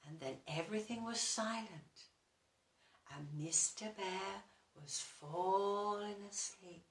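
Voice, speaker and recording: A woman's voice: on the low side, fairly bright tone. A woman reading a children's story aloud and asking the young listeners questions along the way. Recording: roomy echo, distant mic.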